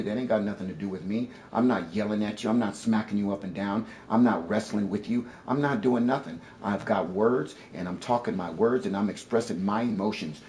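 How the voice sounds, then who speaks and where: A deep-voiced man lectures and confronts someone at home, profane and insistent. He sits away from the mic in an echoey room. Faint noise hums underneath. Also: darkish tone, distant mic. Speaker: live streamer. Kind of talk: heated domestic argument. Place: at home, indoors.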